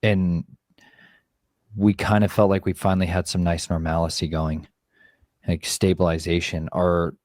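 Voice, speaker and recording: A man co-hosting, talking earnestly and reflectively about family life, measured and searching for words. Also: sits low, little pitch movement, darkish tone, dry recording, clean studio sound. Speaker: co-host sharing family story. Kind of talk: reflective personal talk.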